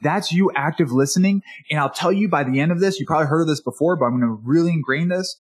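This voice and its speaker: A man coaching on networking in a casual spoken lesson, acting out quoted people with brisk shifts in pitch. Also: husky.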